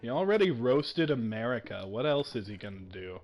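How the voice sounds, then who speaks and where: A man hosting a gaming stream, chatting casually and excitably, laughing often as he rambles. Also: mid-range voice, a little fast, muffled recording, faint music behind. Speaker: streamer host. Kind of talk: casual chat while gaming.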